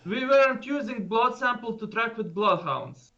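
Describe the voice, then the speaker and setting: Gravelly man with a dull lo-fi mic. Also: very high-pitched, lively intonation, normal speed, bright, forceful tone. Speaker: player. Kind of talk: casual chat.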